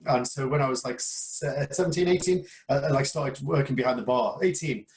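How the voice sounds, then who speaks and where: A man's voice: mid-range voice, a little fast, slight background noise. A man from England, a karate instructor, telling a story over a beer in a reflective, hesitant way with repeated words. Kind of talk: casual chat over a beer.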